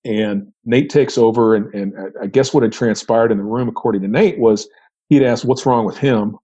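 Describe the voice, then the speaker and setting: A man's voice: lowish voice, normal speed, mellow, muffled recording. A middle-aged man, a retired federal agent, recounting an old case in conversation, often restarting and repeating words. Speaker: retired FBI agent, podcast guest.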